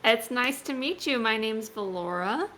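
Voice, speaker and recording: A woman's voice: on the high side, animated, a little slow, bright, forceful tone, a little hiss or hum. A woman playing a tabletop game, speaking politely in character. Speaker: player. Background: music.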